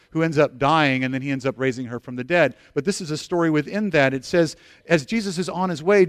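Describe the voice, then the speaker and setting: Middle aged pastor preaching, lively storyteller, bit higher voice, dry close sound. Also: male voice, no room sound. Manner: animated storytelling with acted-out quotes; repeats words as he restarts. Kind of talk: sermon.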